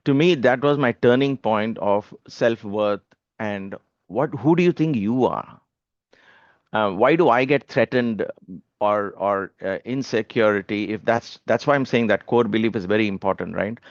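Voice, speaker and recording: A man's voice: lowish voice, moderate pace, no room sound. A man giving a devotional talk as a spiritual speaker, speaking earnestly with many restarts and fillers. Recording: dull lo-fi dry sound.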